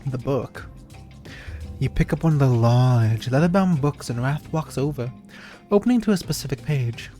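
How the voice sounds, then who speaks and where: Mellow-voiced playful streamer narrating. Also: mid-range voice, animated, moderate pace, faint music behind. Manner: playful, laughing asides between narration. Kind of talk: reading game narration aloud on stream.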